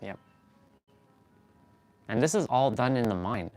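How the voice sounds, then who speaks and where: A man's voice: medium pitch, lively intonation, measured pace, a little mellow, faint music behind. A man hosting a fitness and motivation livestream, giving an earnest, rambling pep talk while he stretches, often correcting himself mid-sentence.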